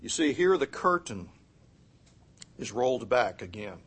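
Male pastor, middle-aged, husky tone, lively sermon delivery. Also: medium pitch, unhurried. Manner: animated, swings from loud emphatic to quiet, acts out quotes.

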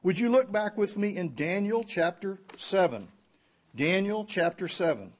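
High-voiced preaching man, lively swells. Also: a little slow. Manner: preaching with swings from loud emphasis to hushed lows. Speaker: pastor. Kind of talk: expository sermon.

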